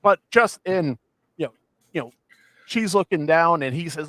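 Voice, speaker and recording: A man co-hosting a casual podcast, rambling with many restarts as he excitedly retells scenes. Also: on the high side, normal speed, dry recording. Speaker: podcast co-host. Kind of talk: casual chat.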